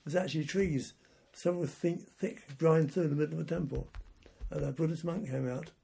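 An old veteran spins his wartime memories in a loose, wandering way, circling back over his own words. His voice is heavily gravelly and husky, sitting a bit high for a man, with a dark, mellow color. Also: steady tone, brisk. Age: older. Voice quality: gravelly and raspy. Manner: rambling anecdotal telling with restarts. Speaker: war veteran interviewee. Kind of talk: oral history storytelling.

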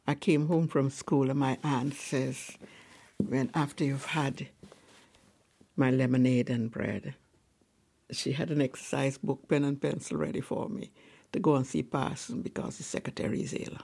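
A woman around ninety from Guyana, a lay preacher telling her life story softly, often dropping to a whisper, in a large cathedral. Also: rumbling low, fairly even intonation, moderate pace, gravelly, husky. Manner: soft-spoken, often sinking to a whisper. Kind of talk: personal storytelling.

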